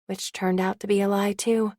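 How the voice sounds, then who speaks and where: A woman's voice: medium pitch, level tone, moderate pace, a little mellow, dry recording, studio quality. A woman narrating an audiobook in the first person with a wry, candid tone.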